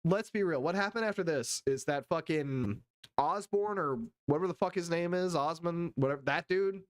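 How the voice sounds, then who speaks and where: Speaking at a moderate pace in a mid-range voice, this streamer mocks a video with crude, profane play-by-play while scrubbing through it and reading chat. He keeps slipping into silly put-on voices for quotes.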